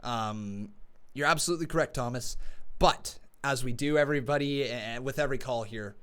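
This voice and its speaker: A man's voice: medium pitch, moderate pace, fairly bright tone, smooth. A man hosting a live call-in stream, chatty and friendly, laughing easily with callers. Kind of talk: casual call-in chat.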